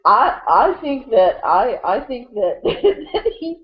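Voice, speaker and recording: A woman's voice: a little high, sing-song, slow pace. A woman co-hosting a casual sports chat, rambling with lots of fillers and restarts. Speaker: co-host. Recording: dull lo-fi audio.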